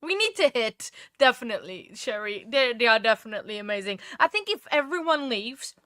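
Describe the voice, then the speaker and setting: Woman livestream host, bright higher voice, unhurried, gushing and easily distracted, dry close sound. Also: very animated, dry recording. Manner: effusive, often laughing, easily distracted. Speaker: true crime livestream host. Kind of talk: casual livestream chat with viewers.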